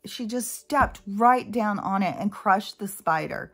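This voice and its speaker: A woman's voice: medium pitch, a little slow, few pauses, husky. Chatty rambling woman vlogger. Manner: chatty, meandering, many fillers and asides. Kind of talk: rambling casual monologue.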